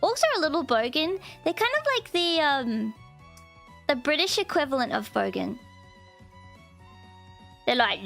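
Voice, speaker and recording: Speaking a little slowly and pausing often, a female streamer and VTuber rambles bubbly and giggly to her viewers, saying "like" constantly. Her high-pitched voice is gravelly yet a bit bright, with lively intonation, over soft background music.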